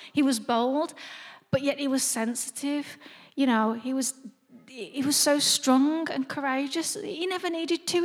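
Earnest woman, reverberant hall. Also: high-pitched. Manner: earnest, conversational, with frequent restarts. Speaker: speaker sharing a faith testimony. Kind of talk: personal testimony.

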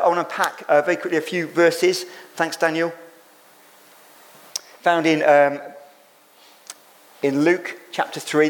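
A man preaching a sermon as pastor, speaking emphatically, repeating phrases for effect and acting out quoted lines. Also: on the high side.

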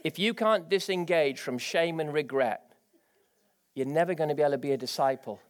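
A man delivering a lively church sermon, his voice pitched high for a man. He preaches with energy, pushing his delivery upward into eager exclamations as he drives each point home. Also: a little fast. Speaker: pastor.

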